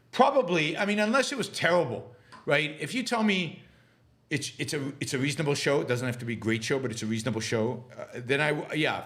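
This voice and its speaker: Middle-aged male host, live Q&A, argumentative, stumbles and restarts often, mid-pitched. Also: fairly bright tone. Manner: halting with many restarts and fillers, argumentative. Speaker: podcast host answering live questions. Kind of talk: livestream commentary and Q&A.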